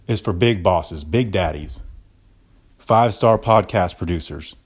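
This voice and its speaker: A man's voice: deep voice, unhurried. A young man hosting a podcast, ranting with exaggerated mock outrage and constant swearing. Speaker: podcast host. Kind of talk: comedic podcast rant.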